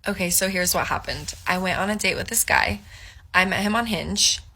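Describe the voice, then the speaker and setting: A woman with a bright voice and a gravelly fry tells a dating story straight to camera. She sounds incredulous and animated, peppering her talk with fillers. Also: medium pitch, moderate pace. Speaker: social media storyteller.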